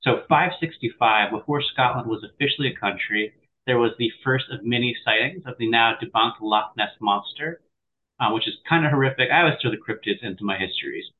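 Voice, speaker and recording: Man, podcast co-host, chatty, enthusiastic, mid pitch, tinny phone-like audio. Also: brisk. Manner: chatty, enthusiastic, light humor. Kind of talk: casual podcast chat and reading history notes. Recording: thin phone-like sound with faint noise.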